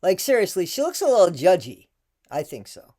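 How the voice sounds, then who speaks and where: A woman's voice: fairly low pitch, very animated, fairly quick, warm tone. An American woman making sarcastic, mocking asides as she comments on a TV clip for her reaction video.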